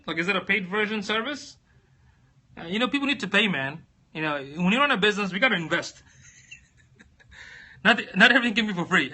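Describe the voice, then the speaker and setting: With a slightly high, sharp voice, a livestream host rambles and thinks out loud while searching for something. He also reads out comments from viewers and answers them.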